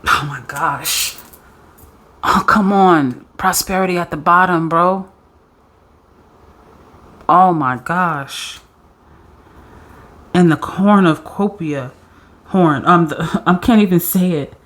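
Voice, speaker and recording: A woman doing a pick-a-card tarot reading, excitable and slangy, often laughing and acting out quotes. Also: fairly low pitch, slow, long pauses. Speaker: tarot reader.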